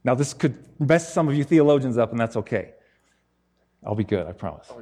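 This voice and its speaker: A man preaching a sermon in an animated, joking, conversational way. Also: medium pitch, fairly quick, big-room sound.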